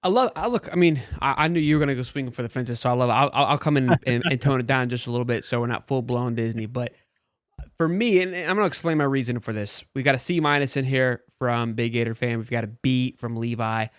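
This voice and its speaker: A man hosting a sports talk show, talking in a casual, animated way with frequent restarts. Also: mid-range voice, smooth, dry recording, studio quality. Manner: animated, talks fast with restarts.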